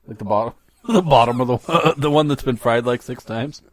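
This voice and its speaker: A man's voice: mid-range voice, normal speed, no room sound. A middle-aged man co-hosting a casual snack-tasting chat with his son, joking and reading package text in a mock announcer voice. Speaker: podcast co-host, father.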